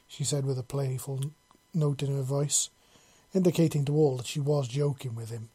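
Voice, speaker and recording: Mellow husky story reader. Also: medium pitch, steady tone, moderate pace. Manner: casual reading with self-corrections. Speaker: audiobook narrator. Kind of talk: reading fan fiction aloud.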